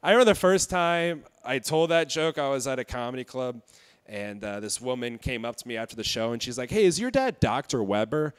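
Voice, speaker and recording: A young man doing stand-up on a club stage, his voice clear and smooth through a handheld mic. He sits at a middling pitch and delivers shocking jokes deadpan, stumbling over small fillers between bits. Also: a little fast. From Indiana. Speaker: stand-up comedian. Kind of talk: stand-up set.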